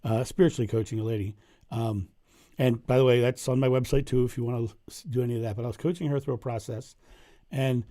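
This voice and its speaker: Speaking fast but steadily, this middle-aged man's voice is mid-range and warm. As a spiritual coach on a livestream, he works through viewer questions in a monologue, earnestly telling stories and repeating phrases to drive points home.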